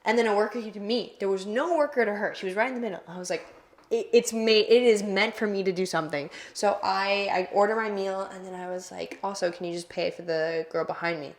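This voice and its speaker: A woman's voice: medium pitch, quick pace. Young woman telling a rambling story. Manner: rambling storyteller, heavy use of "like". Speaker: podcast co-host. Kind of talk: casual chat.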